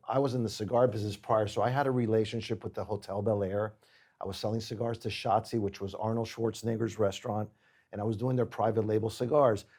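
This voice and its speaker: A man from Puerto Rico, a guest chef telling stories casually and acting out the people in them. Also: on the low side. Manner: animated, acts out the people in his stories. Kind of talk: casual storytelling on a podcast.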